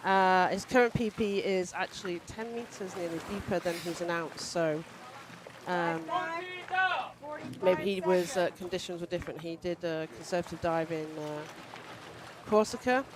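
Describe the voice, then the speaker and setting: Calm woman co-commentator on a noisy boat. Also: fairly low pitch, moderate pace. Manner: calm, observational, technical remarks. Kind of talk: live sports commentary. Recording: noisy boat deck ambience.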